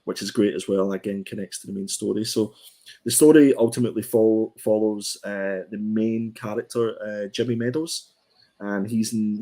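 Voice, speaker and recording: A man with a slightly low voice talks through a comic review in a relaxed, casual way. He hesitates often, filling gaps with ums and restarting his sentences. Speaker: comic book podcast co-host.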